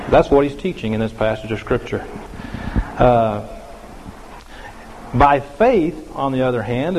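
A man's voice: mid-range voice, a little mellow, big-room sound, a little hiss or hum, rough recording. A man preaching a sermon as pastor, in a conversational way with many fillers and restarts.

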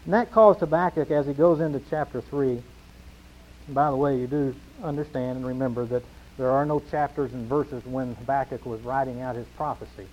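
A man's voice: mid-range voice, steady tone, fairly quick, lo-fi sound. A man preaching a sermon as pastor, with an emphatic, repetitive preaching cadence.

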